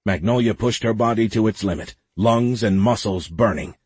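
Male audiobook narrator, husky, low voice, dry close sound, steady dramatic reading. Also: moderate pace, few pauses, no echo. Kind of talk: scripted narration.

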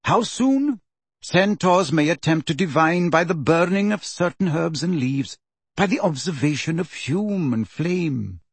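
Calm aloof centaur teacher, read by a man. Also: a little high, breathy edge, no room sound, pitched above the performer's own voice, heavily acted. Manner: calm, slow and measured. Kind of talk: audiobook character voice.

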